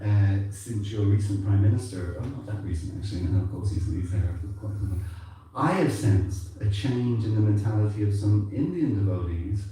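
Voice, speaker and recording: A man born in England gives a rambling, conversational sermon with an accent that mixes English and Irish. His voice sits low and dark, with a mellow tone. He is heard from a distance in a very echoey temple hall. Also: animated, normal speed. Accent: mixed English and Irish. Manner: conversational, rambling, frequent "you know". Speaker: temple speaker.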